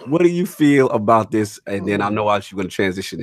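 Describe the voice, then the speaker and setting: A man's voice: on the low side, fairly quick, no room sound, clean studio sound. A man hosting a gaming podcast, quizzing his co-hosts in casual chat. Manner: lively, quizzing guests, frequent mm-hmm. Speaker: podcast host.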